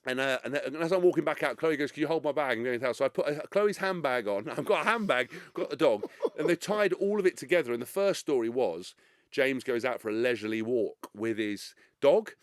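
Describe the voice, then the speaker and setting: A man, a podcast guest telling a story in casual chat, animated and swearing freely. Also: mid-range voice, brisk, dry recording, clean studio sound. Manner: animated, swears freely, acts out quotes in other voices.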